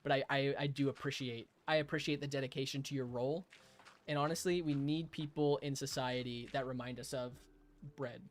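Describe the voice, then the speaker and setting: A man's voice: mid-range voice, steady tone, a little fast, a little hiss or hum. A young man streaming a game, chatting casually with his live chat, playful, rambling and laughing often.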